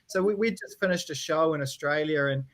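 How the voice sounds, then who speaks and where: Kiwi band guy telling a story, kinda high voice, laughs a lot, does voices. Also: fairly quick, fairly bright tone. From New Zealand. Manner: laughing, rambling, mimics voices. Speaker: band member. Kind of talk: casual storytelling interview.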